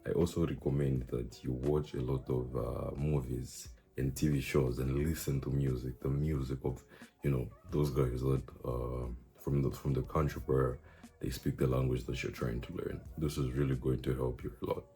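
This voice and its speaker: A man's voice: a bass voice, little pitch movement, normal speed, creaky, dark tone. A young man giving casual language-learning advice in a rambling, playful way, full of fillers. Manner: rambling, chatty, many fillers; playful, teasing.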